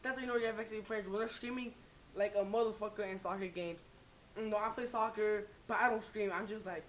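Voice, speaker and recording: A woman's voice: mid-range voice, steady tone, fast talker, a little hiss or hum, low-quality recording. A young woman in a casual comedy vlog, rambling and swearing with many restarts. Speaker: vlogger.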